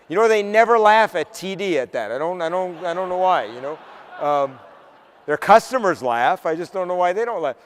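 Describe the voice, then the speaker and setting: A man's voice: sits high, lively intonation, moderate pace, a bit bright, smooth. A man from the northern United States giving a motivational keynote, telling a story with punchy delivery and acting out the dialogue. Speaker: keynote speaker. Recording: long hall reverb.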